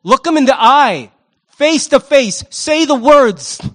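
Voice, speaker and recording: A pastor preaching a sermon, animated, acting out the voices he quotes and repeating words as he starts a thought. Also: very high-pitched, slow pace.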